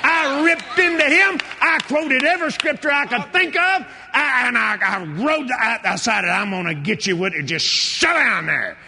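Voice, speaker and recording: A middle-aged man preaching a sermon and telling a story, swinging between shouted lines and hushed ones. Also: very high-pitched, animated, moderate pace, hardly any pauses, a little hiss or hum.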